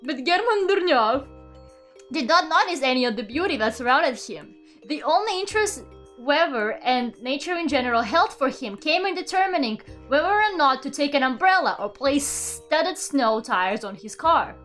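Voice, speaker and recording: High-voiced young woman streamer, incredulous. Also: expressive, moderate pace, fairly bright tone, faint music behind. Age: young adult. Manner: incredulous, swears casually, laughs often. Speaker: VTuber streamer. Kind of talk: reading aloud and chatting with viewers.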